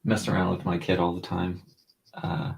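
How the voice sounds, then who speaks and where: A middle-aged man chatting casually as a co-host while drawing, telling animated stories and mimicking voices. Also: moderate pace, vocal fry. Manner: animated storyteller, mimics voices with big pitch jumps. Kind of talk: casual chat.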